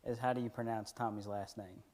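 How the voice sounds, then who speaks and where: A man's voice: fairly low pitch, fairly even intonation, a little fast, darkish tone. A man reading viewer questions in a church Q&A, dry and lightly teasing. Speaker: question reader. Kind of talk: casual Q&A chat. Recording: reverberant hall with clear noise.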